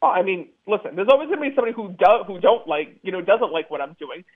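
A man's voice: high-pitched, sing-song, fast talker, no room sound. A man, a medium, telling stories eagerly in a phone-in interview and repeating words for emphasis. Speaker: psychic medium guest. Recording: tinny phone line.

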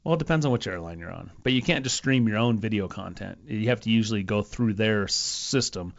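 A man's voice: fairly low pitch, brisk, vocal fry, lo-fi sound. A man co-hosting a golf radio show, chatting casually and jokingly, often rambling and breaking off mid-thought. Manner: joking, rambling, self-interrupting. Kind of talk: casual sports radio chat.

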